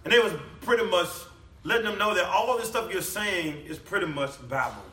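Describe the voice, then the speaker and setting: A man preaching a sermon with a bright, forceful, fairly high voice. He is emphatic, building to loud declamation and sinking low for the scripture passages. He is heard from off the mic in an echoey church hall. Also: brisk, distant mic.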